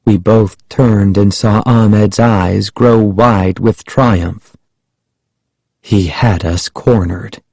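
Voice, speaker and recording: A man telling a spooky story in a slow, measured way, his voice at an everyday middle pitch. The recording is dry and close, with no room sound. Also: steady tone, a little mellow, no echo, rough recording. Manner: measured, unhurried first-person telling. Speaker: audiobook narrator. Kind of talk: storybook narration.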